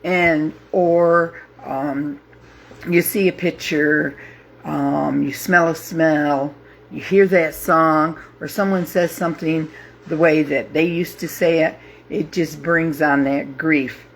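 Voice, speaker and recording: A woman in her fifties hosting a grief support group, talking live to viewers in a halting, heartfelt way with many pauses and fillers. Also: sits low, steady tone, vocal fry, slight background noise. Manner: heartfelt, openly emotional. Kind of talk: live casual talk to viewers.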